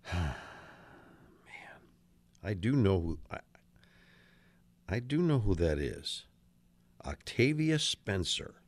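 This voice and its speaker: A man's voice: low-pitched, sing-song, slow pace, pauses often, dry recording. A man co-hosting a radio show in casual banter, often hesitating with fillers while he thinks. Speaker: radio co-host.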